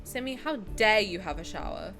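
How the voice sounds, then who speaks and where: A young adult woman streaming a game, chatting casually and reading the story aloud, excitable and prone to swearing and sudden loud outcries. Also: medium pitch, moderate pace, soft background music. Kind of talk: casual gaming reaction stream.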